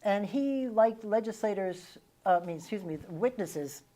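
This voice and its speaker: A woman's voice: medium pitch, animated, moderate pace, mellow. A middle-aged woman with a Vermont accent, hosting an interview and recalling stories from her legislative days with a ready laugh. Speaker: host and former legislator. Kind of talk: casual interview chat.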